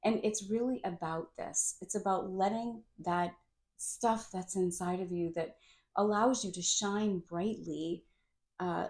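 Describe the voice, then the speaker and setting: A woman coach speaks as a guest on a podcast, earnest and encouraging. Her voice sits at a middle pitch and her delivery is lively and motivational. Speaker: guest, life coach and actress. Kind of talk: podcast interview.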